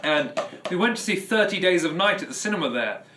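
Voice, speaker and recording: A man's voice: high voice, lively intonation, a little fast, background noise. A man streaming live as a drummer, chatting casually to his audience in a rambling way with frequent restarts. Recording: echoey room with loud drumming behind.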